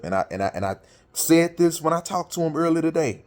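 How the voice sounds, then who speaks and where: A man's voice: a little high, very animated, fast, darkish tone. A middle-aged man speaking straight to viewers, telling a story in loose, colloquial speech and acting out what he and his friend said. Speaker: motivational talker. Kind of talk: casual monologue.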